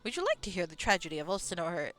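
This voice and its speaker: A woman playing a vain male tavern bard in a fantasy game. He speaks in florid, theatrical phrases with a swooping, lively pitch. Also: quick pace, soft background music. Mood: grandiose. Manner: grand, theatrical speech.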